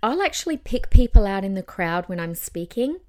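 A woman's voice: medium pitch, very animated, brisk, darkish tone. Encouraging woman giving voice advice. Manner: encouraging, demonstrates voice changes as she talks. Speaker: podcast host and voice coach. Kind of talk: casual advice podcast.

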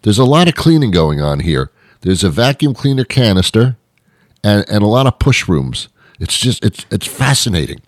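A man's voice: on the low side, big pitch swings, normal speed, no room sound, studio quality. A man hosting a comedy show, delivering a rambling comic monologue with frequent restarts and mock outrage.

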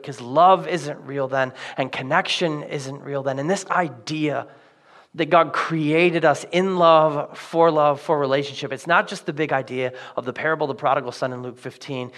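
Male pastor, mid-high voice, conversational sermon delivery, earnest. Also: fairly bright tone. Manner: conversational, earnest preaching with casual fillers.

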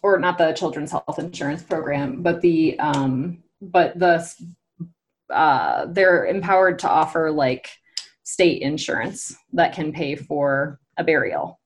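A young woman with a low-pitched voice speaks in a relaxed, conversational way. She muses aloud, pausing often with fillers and restarting her sentences as she works through her thoughts. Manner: thoughtful, hesitant, many fillers. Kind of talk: casual conversational discussion.

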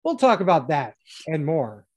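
Lively-voiced woman hosting with crude banter. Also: sits low, moderate pace, slightly rough. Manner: profane, teasing banter. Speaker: podcast host. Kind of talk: casual wrestling podcast chat.

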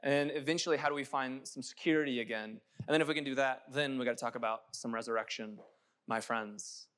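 A man's voice: mid-range voice, a little fast, a bit bright. A young adult man preaching a sermon, impassioned and building to emphatic peaks. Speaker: pastor.

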